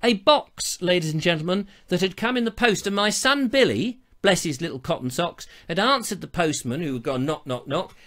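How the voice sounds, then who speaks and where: A man's voice: high-pitched, animated, a little fast, few pauses, a bit bright. A middle-aged man, hosting a live online show and telling stories in a chatty, theatrical way. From England. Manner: chatty, theatrical storytelling with playful asides. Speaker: show host. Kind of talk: casual live-stream chat.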